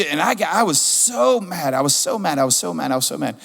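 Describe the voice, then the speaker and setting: A middle-aged man preaching a sermon as pastor, animated and repeating his key questions for emphasis. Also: on the high side, a little fast, gravelly, hardly any pauses. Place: church sanctuary. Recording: reverberant church hall.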